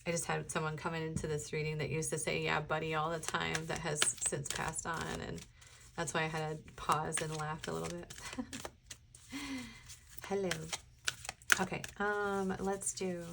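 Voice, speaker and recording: A woman's voice: deep voice, level tone, normal speed, vocal fry, pauses often, very noisy. A woman from the US Midwest, a tarot reader chatting casually through a pick-a-card reading, rambling and laughing often.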